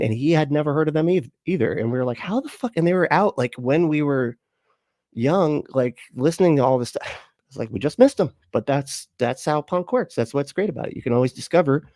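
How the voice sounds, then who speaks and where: A man's voice: medium pitch, brisk, darkish tone, no room sound. A man hosting a casual livestream, rambling with viewers, swearing freely and laughing often. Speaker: livestream host.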